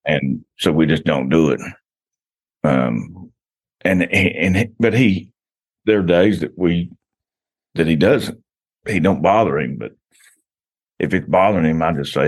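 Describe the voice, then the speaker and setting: Deep-voiced rambling man. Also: measured pace, long pauses, slightly rough. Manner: rambling, storytelling with many restarts and "you know". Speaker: podcast guest, hunter. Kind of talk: casual podcast chat.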